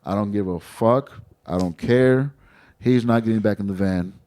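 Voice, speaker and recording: A man's voice: on the low side, moderate pace, warm tone, dry recording, natural voice. A comedian quoting a stubborn, drunk male touring musician in a blunt, defiant tone, close to his own voice.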